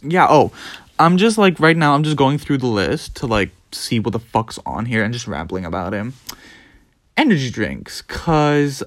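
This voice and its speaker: A young man with a Dutch accent rambles through a casual, profane monologue, his pitch leaping up and down with animation. The sound is dry and close, with no room around him. He is a native Dutch speaker talking in English. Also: dry recording. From Netherlands. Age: young adult. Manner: animated, profane, mimics others in squeaky voices. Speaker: podcast host.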